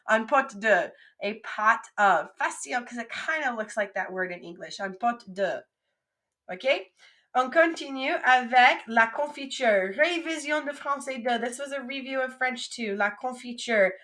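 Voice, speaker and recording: A young adult woman teaching a French vocabulary lesson, modelling each word slowly and coaxing her students to repeat after her. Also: on the high side, a bit bright. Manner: slow, drawn-out modelling of each French word, then quick English asides.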